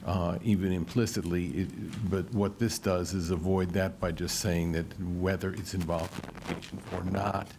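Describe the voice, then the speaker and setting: A man at a committee meeting speaks in a very low, deep voice. He explains draft wording in halting, stammering phrases over a faint rumble. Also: fairly even intonation, darkish tone. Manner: halting, reads wording slowly. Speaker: committee member. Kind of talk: formal meeting discussion.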